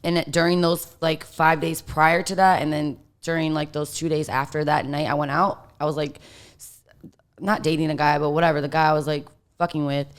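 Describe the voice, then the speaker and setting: A woman's voice: low voice, little pitch movement, brisk, smooth. A woman guest telling a story in casual chat, rambling with lots of fillers and swearing.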